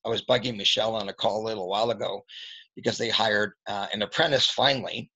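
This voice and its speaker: Gravelly man telling training stories. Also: lowish voice, steady tone, fast talker, pushed and bright. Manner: candid, anecdotal, clears throat often. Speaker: service advisor trainer. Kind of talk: storytelling training talk. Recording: dull lo-fi recording.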